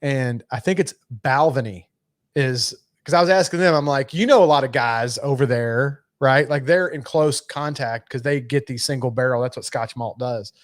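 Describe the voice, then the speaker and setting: A man of medium pitch talks loosely and profanely on a podcast, wandering through his thoughts with lots of fillers. His voice is close and dry, with no room sound around it. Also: moderate pace, no room sound. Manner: laid-back, profane, rambling with fillers. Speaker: podcast co-host. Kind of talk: casual chat.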